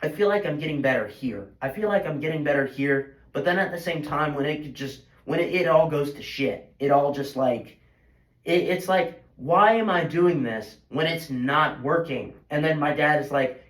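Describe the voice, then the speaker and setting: A teenage boy and high school golfer venting in a frustrated, self-critical ramble full of restarts. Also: moderate pace. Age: teens. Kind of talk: emotional venting monologue. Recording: roomy echo.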